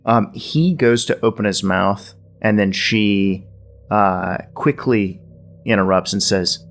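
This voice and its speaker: A man's voice: fairly low pitch, slow, soft background music. A man narrating as game master, loose and hesitant, with many fillers.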